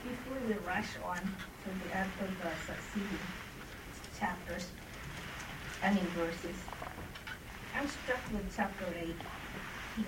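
A woman in a Bible class sharing a heartfelt, halting reflection on a passage, repeating her phrases as she goes. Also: medium pitch, fairly even intonation, background noise. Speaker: class participant.

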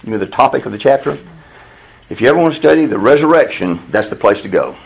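A man preaching verse by verse through a Bible passage to a congregation, reading the verses slowly and acting out the speakers in them. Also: medium pitch, creaky, husky, low-quality recording. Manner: animated, reads verses slowly and acts out voices. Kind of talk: expository Bible teaching.

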